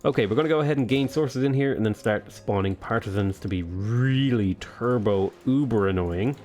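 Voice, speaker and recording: A man hosting a casual let's play, rambling and joking with lots of fillers, with faint game music behind. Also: mid-range voice. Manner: playful, jokey, rambling with many fillers. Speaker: gaming video host.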